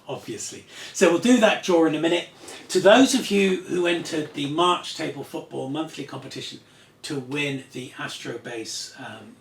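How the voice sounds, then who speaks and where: A man's voice: a little high, creaky, a bit bright, echoey room, slight background noise. A man hosting a table football show from home, chatty, enthusiastic and self-deprecating as he talks to the camera. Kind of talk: casual presenting to camera. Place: room at home. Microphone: camera on a tripod.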